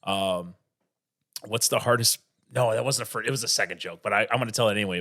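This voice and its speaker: A man's voice: lowish voice, fast talker, fairly bright tone. A male stand-up comedian, a guest in a casual interview, rambling and swearing freely. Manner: rambling, profane, full of restarts.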